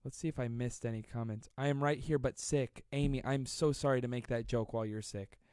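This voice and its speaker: A man in his twenties hosting a live stream, reading viewer comments aloud and joking with a fast, self-deprecating manner. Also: medium pitch, fairly even intonation, a little mellow, clean tone, no room sound, studio quality. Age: 20s. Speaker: livestream host.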